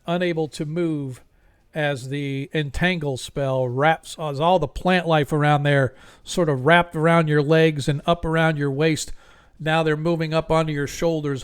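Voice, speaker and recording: A man's voice: on the high side, smooth. A man running a tabletop role-playing game as game master, easygoing and rambling with frequent fillers, over an online voice call.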